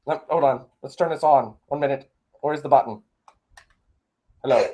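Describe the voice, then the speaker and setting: A man in his twenties chatting on a live-streamed Q&A, animated, swearing and laughing often. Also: a little high, fairly quick. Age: 20s. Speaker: YouTube gamer and streamer.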